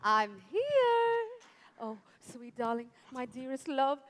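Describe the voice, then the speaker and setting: A woman's voice: high voice, sing-song, slow pace, full character voice. A woman playing a gushing madcap fiancée. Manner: gushing, melodramatic. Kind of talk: stage comedy acting. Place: theatre stage.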